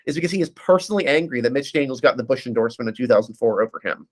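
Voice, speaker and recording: Man, political analyst guest, rapid delivery, self-correcting, mid pitch. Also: lively intonation. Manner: fast, analytical, frequent restarts. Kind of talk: casual political discussion.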